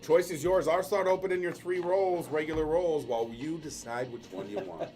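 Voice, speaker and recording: A man with a slightly higher voice hosts a livestream, talking directly to viewers. He sounds upbeat and keeps things moving along. Quiet guitar music sits faintly behind him. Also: fairly even intonation, moderate pace. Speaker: livestream host running giveaways. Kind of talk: casual livestream chat.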